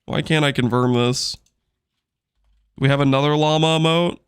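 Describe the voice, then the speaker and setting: A man's voice: a little high, steady tone, normal speed, smooth, no echo. Man chatting on a live game stream. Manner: joking, chats with viewers while playing. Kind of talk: casual live-stream chat while gaming.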